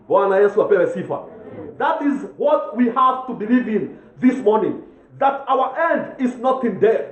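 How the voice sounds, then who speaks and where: A man's voice: high-pitched, animated, moderate pace. A man with a Kenyan accent preaching a sermon as pastor, fervent, with frequent chuckles and mixed languages. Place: church. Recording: echoey church with tinny phone-like sound.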